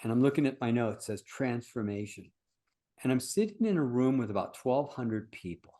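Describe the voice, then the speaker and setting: A man's voice: mid-range voice, expressive, moderate pace, mellow. An older man, a workshop founder and teacher, talking casually in an interview as an earnest, reflective storyteller.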